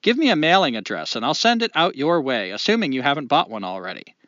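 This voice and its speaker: Here is a man doing a friendly forty-something Californian listener, in a light Californian accent. His voice rides a little above its usual pitch and sounds bright and lively. The sound is dry and dull, like a lo-fi podcast recording. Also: fast, no room sound. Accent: light put-on Californian. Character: male listener, forty-six, reading his letter.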